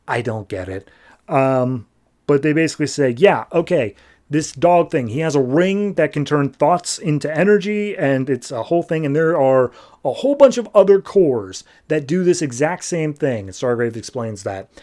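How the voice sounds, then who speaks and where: A man on a podcast casually recapping a comic book, tossing off characters' lines in quick, loose voices. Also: a little high, animated, darkish tone. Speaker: podcast host.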